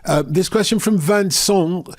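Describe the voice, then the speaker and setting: A man's voice: on the low side, measured pace, no room sound, clean studio sound. Easygoing male football podcast host. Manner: easygoing, jokey, reads out listener questions. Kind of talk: casual football podcast chat.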